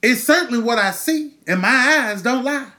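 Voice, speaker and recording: A man's voice: very high voice, lively intonation, moderate pace, bright, forceful tone. Furious profane man in his thirties. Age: 30s. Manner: angry, profane ranting; emphatic rhetorical questions. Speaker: podcast host. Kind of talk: impassioned monologue.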